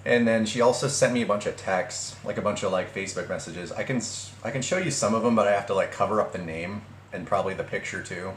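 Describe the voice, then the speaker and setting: A young man recounts a breakup in a casual vlog, his low voice hesitant and full of fillers and restarts. The recording picks up a roomy echo off the walls and a faint hum of ambient noise. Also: fast, few pauses. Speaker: vlogger.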